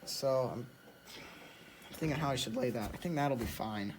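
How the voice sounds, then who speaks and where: A man's voice: medium pitch, normal speed, slight background noise. A young man hosting a casual workshop vlog in his shed, easygoing and thinking aloud with fillers. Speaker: channel host.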